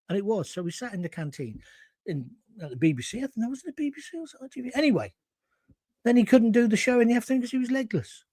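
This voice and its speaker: A man's voice: extremely high pitch, animated, quick pace, mellow, no room sound, studio quality. A middle-aged man hosting a live talk show, chatting through viewer comments and wandering into anecdotes.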